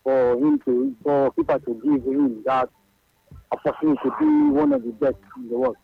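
A man's voice: mid-range voice, lively intonation, normal speed, gravelly, husky, no echo, soft background music. A male radio caller with a Nigerian Pidgin accent, hesitant and full of fillers, heard over a dull phone line. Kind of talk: phone-in opinion.

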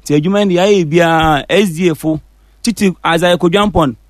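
A man with a Ghanaian accent, a musician guest telling the story of his songs in a relaxed, casual interview. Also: high voice, normal speed, dry recording, studio quality. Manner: relaxed storytelling, mixing English and Fante.

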